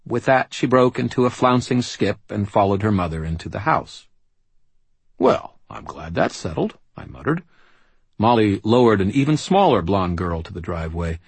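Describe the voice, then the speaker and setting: A man's voice: sits low, slightly rough, dry recording. A man giving dry, wry first-person narration for an audiobook.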